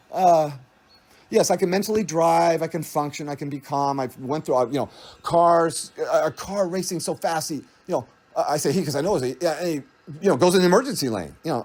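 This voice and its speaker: Rambling man with a lively pitch. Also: normal speed. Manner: meandering, laughs often, trails off and restarts. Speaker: spiritual speaker. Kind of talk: rambling spiritual monologue.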